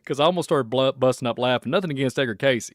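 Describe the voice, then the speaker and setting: Hosting a casual livestream podcast, a Kentucky man with a Kentucky accent rambles, speculates and jokes. He speaks at a medium pitch and a quick pace, recorded with clean studio sound and no room sound.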